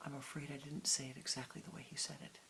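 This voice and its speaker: A spiritual teacher giving a meditative sermon, speaking slowly and softly, often sinking into a whisper, with long pauses. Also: medium pitch, flat delivery, creaky, slight background noise. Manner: slow, soft, often dropping into whispers; unhurried with long pauses, halting restarts.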